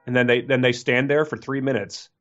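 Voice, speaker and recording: A man's voice: mid-range voice, fairly even intonation, a little fast, fairly bright tone, dull audio, soft background music. A man co-hosting a casual book podcast, rambling and joking and laughing often. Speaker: podcast co-host.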